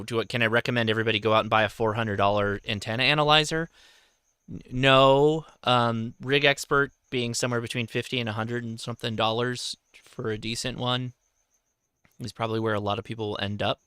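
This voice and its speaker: A man hosting a relaxed livestream chat, his voice bright and crisp. He talks in halting bursts, often correcting himself. The sound is dry and close. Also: medium pitch, no room sound. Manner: halting, self-correcting, reads viewer questions aloud. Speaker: host.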